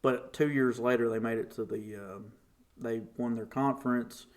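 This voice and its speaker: A young man, a podcast guest telling a story casually and acting out the voices in it. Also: normal speed. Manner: animated, acts out quotes with big pitch jumps.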